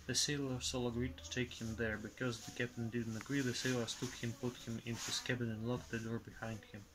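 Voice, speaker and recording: Flat-voiced man reading, noisy recording. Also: medium pitch, fairly quick. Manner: steady, careful reading with slips. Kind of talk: reading a graded reader aloud. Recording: noticeable background noise.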